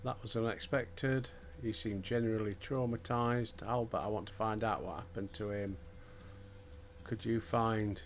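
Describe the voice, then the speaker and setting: A man's voice: lowish voice, fairly even intonation, a little slow, slight background noise. An older man with a Yorkshire accent giving casual gameplay commentary, with dry, joking asides. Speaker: let's play host.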